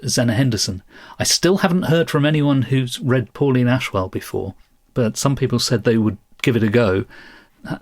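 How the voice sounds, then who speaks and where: A man's voice: mid-range voice, no room sound, clean studio sound. A man co-hosting a podcast, chatting casually and often laughing as he explains things. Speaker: podcast co-host.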